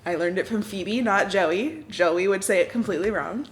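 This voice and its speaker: A woman's voice: medium pitch, normal speed, slight background noise. An easygoing woman chatting casually as co-host of a live stream.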